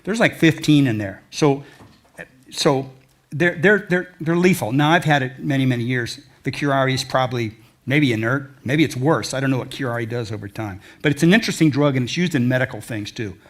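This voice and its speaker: Older guy telling rambling travel stories at a talk, folksy, mid pitch. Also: a little fast, a bit bright. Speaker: adventure travel speaker. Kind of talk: presentation with audience questions. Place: lecture hall before an audience.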